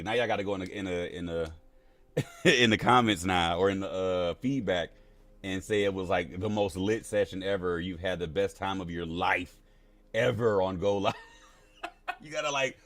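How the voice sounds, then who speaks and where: A man's voice: low-pitched, normal speed, no echo. A man hosting a live crypto stream in a casual, playful, slangy way, laughing often.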